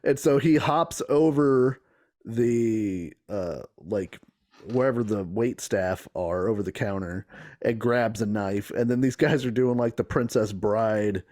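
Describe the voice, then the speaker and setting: A man's voice: lowish voice, unhurried, darkish tone. Laughing man retelling a story. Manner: laughs often, slips into impressions while retelling. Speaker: podcast co-host. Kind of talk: casual comedic chat, retelling a story.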